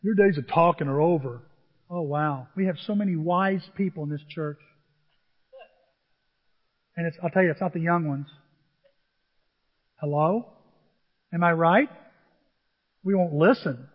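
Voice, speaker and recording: Husky middle-aged male pastor, animated sermon delivery, dull recording with a long hall reverb. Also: fairly high pitch, unhurried, long pauses. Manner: animated, shifts between shouting and near-whispers.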